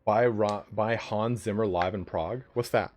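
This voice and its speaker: A man who hosts a game league's live stream chats casually with viewers in a joking, profane way. His voice is on the low side and darkish, at a moderate pace.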